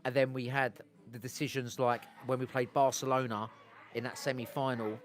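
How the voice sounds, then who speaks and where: Speaking at normal speed with a flat delivery and medium pitch, an English man runs a relaxed outdoor stream from a street. He drifts from topic to topic, interrupts himself, and turns to chat with his audience.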